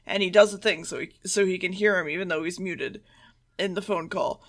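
A woman co-hosting a podcast, recapping an episode in loose casual chat with swearing and quick character asides. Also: on the low side, steady tone. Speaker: podcast co-host.

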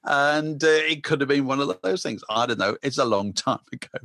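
A man's voice: medium pitch, normal speed, fairly bright tone, no room sound. A man talking casually about records and past interviews. He rambles and restarts often, with many asides, on a close mic in a dry room. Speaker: music podcast co-host.

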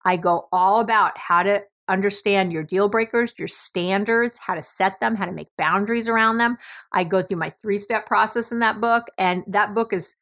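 A woman's voice: medium pitch, normal speed, a bit bright. A middle-aged woman from New York with a New York accent, hosting a podcast in a blunt, emphatic monologue and swearing freely. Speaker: podcast host.

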